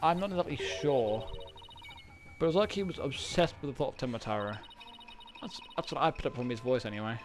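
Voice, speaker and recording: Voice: mid-range voice, animated, a little fast, noisy background, pitched below the performer's own voice, natural voice. A streamer voicing an earnest young female lawyer, explaining things plainly while reading game dialogue aloud.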